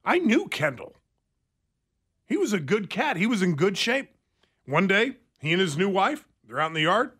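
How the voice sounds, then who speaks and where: Male talk radio host, slightly high voice. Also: big pitch swings, normal speed, pauses often, a bit bright, husky. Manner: conversational, reads news aloud with asides. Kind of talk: casual talk radio chat. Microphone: studio microphone.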